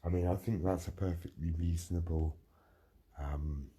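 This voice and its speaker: A man's voice: low voice, fairly even intonation, moderate pace, dark tone, a little hiss or hum. A middle-aged man on a livestream, ranting angrily and threatening someone while answering chat, with a lot of swearing.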